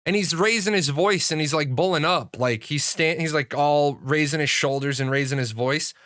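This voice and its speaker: Bright-voiced man telling a profane story. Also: fairly high pitch, normal speed. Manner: profane, animated storytelling with restarts. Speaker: streamer. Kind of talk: casual storytelling on a livestream.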